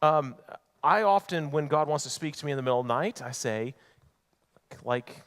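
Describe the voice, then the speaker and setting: A man preaching in a church sanctuary, retelling a Bible story in a relaxed, conversational way. His pitch swings widely and sits a little high for a man, and he slips into acted voices for the characters. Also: normal speed. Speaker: pastor. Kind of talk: sermon.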